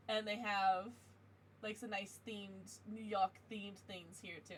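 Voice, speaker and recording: A woman's voice: medium pitch, level tone, takes it slowly, a little hiss or hum. A young American woman chatting casually on a livestream, giggly and bubbly as she greets viewers and reads out chat.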